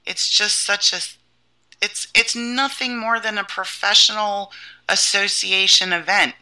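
A woman co-hosting a podcast in casual political chat, wry and dismissive, with quick asides. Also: medium pitch, steady tone, bright, forceful tone, poor audio. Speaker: podcast co-host.

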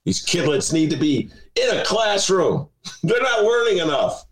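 A man voicing a bossy male talking horse, barking orders slowly and loudly. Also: high-pitched, big pitch swings, pitched above the performer's own voice. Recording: roomy echo.

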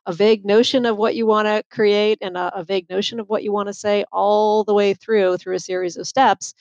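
Speaking briskly as a podcast guest, this woman author has a faint Boston accent, being from that area, and talks in an animated, chatty way full of fillers. Her medium-pitched voice comes through a dry recording with dull audio.

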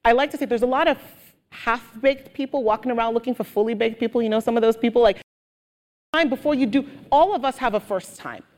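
A woman guest speaker telling stories with animated energy in a live on-stage interview. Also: fairly high pitch, fast talker. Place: auditorium with audience. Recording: long hall reverb.

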